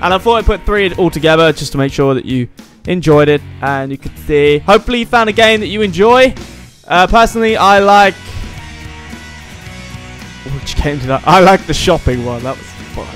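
A man's voice: high-pitched, lively intonation, normal speed, fairly bright tone, soft background music. A young man hosting a let's-play, giving sarcastic, rambling commentary and swearing freely. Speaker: gaming channel host.

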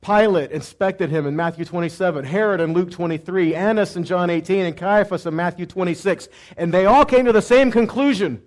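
A man teaching a sermon who asks questions and answers them himself, moving between loud cries and quiet asides. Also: high voice, brisk, hardly any pauses. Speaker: messianic teacher.

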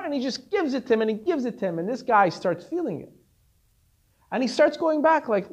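A man teaching as a rabbi, telling a story in a conversational, animated way. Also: extremely high pitch, fairly quick, lo-fi sound. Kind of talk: Torah class storytelling.

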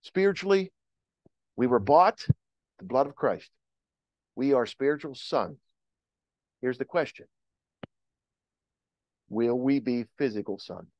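A man's voice: mid-range voice, animated, takes it slowly, pauses often, dry recording. Male pastor, fervent sermon, rising calls to the flock, dry and muffled sound. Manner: impassioned preaching with rising calls to the congregation. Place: church sanctuary.

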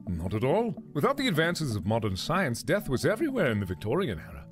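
Casting: a lecturing know-it-all, animated pitch, music behind. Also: male voice, quick pace. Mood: explaining. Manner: explanatory, lecturing.

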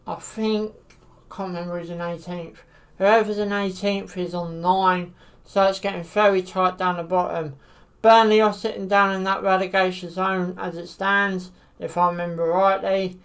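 Brief: woman, mid-pitched, chatty football vlogger, halting delivery, plenty of "you know". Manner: hesitant, many fillers like "you know". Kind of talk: casual solo commentary to camera.

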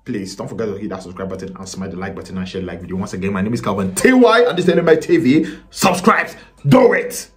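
A man's voice: on the low side, fast, few pauses, crowd noise. A young Nigerian man with a Nigerian accent, hosting a casual reaction video and asking viewers lots of questions. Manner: animated, asks the viewers many questions, swears now and then. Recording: loud music under the voice. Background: song playing loudly.

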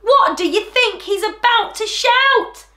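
A woman reading a rhyming picture book aloud to children in an animated, sing-song way, then talking to them directly. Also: sits high, takes it slowly, reverberant. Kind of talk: storybook read-aloud for children.

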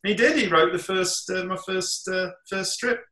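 A man in his fifties from England talks casually as an interview guest. He rambles with many ums and restarts, and his bright, forceful voice rings in a roomy echo. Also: high voice, fairly even intonation, a little slow. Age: 50s. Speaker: comic artist guest. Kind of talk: casual chat.

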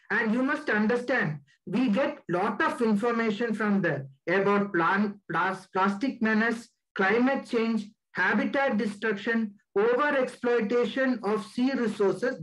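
A man giving a slide presentation as a guest speaker, deliberate and stressing key words. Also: extremely high pitch, a bit bright, poor audio.

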